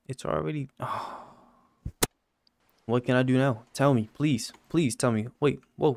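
A man hosting a gaming channel, giving casual commentary on a horror game and yelping high when he gets scared. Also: unhurried, gravelly, a little mellow, dry recording. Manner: talks to game characters jokingly.

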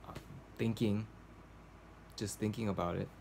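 A man's voice: on the low side, steady tone, unhurried, gravelly, warm tone, a little hiss or hum. A man recording a casual video journal at home, talking to the camera in a rambling, hesitant way, full of fillers and restarts. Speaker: vlogger. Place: cold home indoors.

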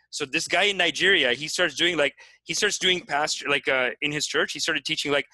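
Excitable bright-voiced young man. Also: on the high side, a little fast, dry recording, rough recording. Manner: excitable, laughs a lot. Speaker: co-host. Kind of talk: casual comedic chat.

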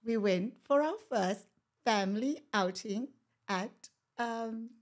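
Speaking slowly in a slightly high voice, she recounts her own story as a podcast guest, casual and conversational. She's animated and laughs a lot, wanders with plenty of fillers and restarts, and whispers her asides and recalled thoughts.

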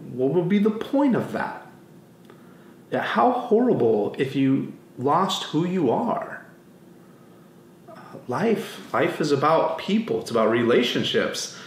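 A man preaching a sermon as pastor, telling stories in an animated way and acting out the voices he quotes. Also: on the high side, slow pace, pauses often, slight background noise. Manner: animated storytelling, acts out quotes. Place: church sanctuary. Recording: roomy church with faint ambience.

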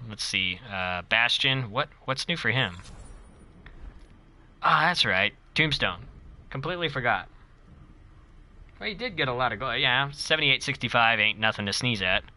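Excitable man streaming to his chat. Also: mid-range voice, moderate pace, pauses often. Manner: excitable, chatty, talks to his chat and cheers himself on. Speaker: gaming streamer. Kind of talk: casual live-stream commentary.

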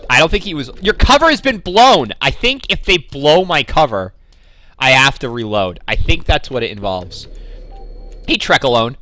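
A man's voice: mid-range voice, animated, normal speed, bright, forceful tone, no room sound. A young man hosting a gaming video, giving sarcastic, jokey running commentary as he plays. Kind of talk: joking let's-play commentary.

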